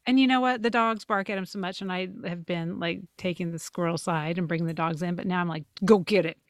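A woman's voice: fairly low pitch, quick pace, smooth, no echo, clean studio sound. A woman co-hosting a podcast in casual chat, laughing often and acting out what she said. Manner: chatty, laughs often, animated quoting. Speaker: podcast co-host. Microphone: on camera, video podcast.

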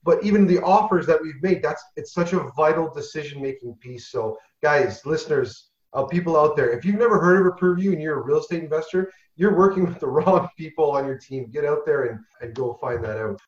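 A man's voice: on the high side, fairly quick, hardly any pauses. A man co-hosting a podcast interview, speaking with enthusiasm, praising the guest and laughing often. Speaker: podcast co-host. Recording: roomy echo, dull lo-fi sound.

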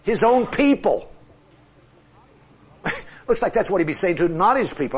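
Husky, lively male Bible teacher. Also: high-pitched, normal speed, pauses often. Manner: conversational, asks the class questions; self-deprecating humor. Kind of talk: classroom Bible lecture with charts.

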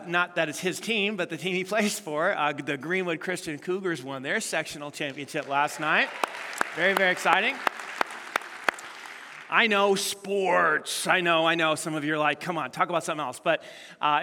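Man, pastor, middle-aged, bright ringing voice, slightly high, sermon in a big echoing church hall. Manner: animated storytelling, acts out quotes. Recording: long hall reverb.

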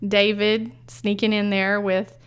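Female co-host, teasing and quick to prod with questions, mid-pitched. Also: level tone, smooth. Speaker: podcast co-host. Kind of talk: casual chat recapping a reality show.

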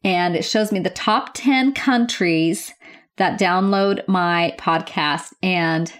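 A woman's voice: on the low side, slow pace. An American woman nurse hosting her own podcast from a home office, chatting in an upbeat, gushing way. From United States. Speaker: podcast host. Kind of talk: casual podcast chat.

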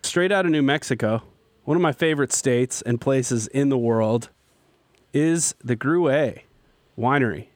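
A man's voice: medium pitch, unhurried, dry recording. A man hosting a casual talk show, enthusiastic and jokey as he leads the segments. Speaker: host. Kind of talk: casual chat.

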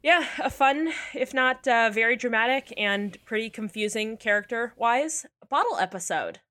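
A woman co-hosting a podcast in casual chat, giggly and playful, quick to tease. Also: a little high, animated, pushed and bright. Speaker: podcast co-host.

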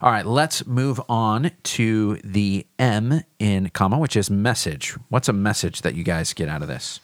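A man with a fairly low voice guides a podcast Bible discussion as a pastor. He thinks aloud and often circles back and restarts his sentences. The sound is dry and close, with no room around it. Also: expressive, unhurried, no room sound.

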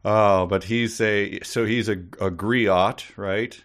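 A man co-hosting a comedy podcast, tossing off wry, deadpan asides about a book. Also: lowish voice, takes it slowly. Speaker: podcast co-host. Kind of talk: casual comedic riffing on a book.

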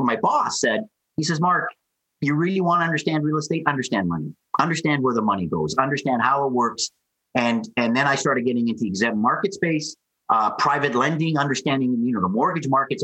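A man, a podcast guest who tells his story in an animated way and acts out the people he quotes. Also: mid-range voice, slightly rough, low-quality recording.

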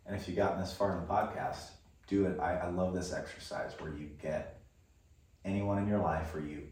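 A man's voice: low-pitched, steady tone, fairly quick, a little mellow, slight background noise. A man from the Philippines, a coach and podcast guest, giving earnest, encouraging advice. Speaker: guest, sales and leadership coach. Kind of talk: casual interview chat. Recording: echoey room, distant mic.

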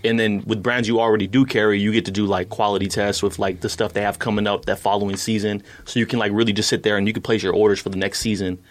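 A man who owns a sneaker shop, a guest on a podcast, explaining his business in a relaxed casual interview. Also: on the low side, fast talker, hardly any pauses. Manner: relaxed and explanatory, frequent fillers.

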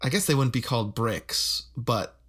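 A man co-hosting a podcast in casual chat, relaxed and rambling, laughing often, with a flat Midwestern accent. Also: mid-range voice, moderate pace, breathy edge. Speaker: podcast co-host.

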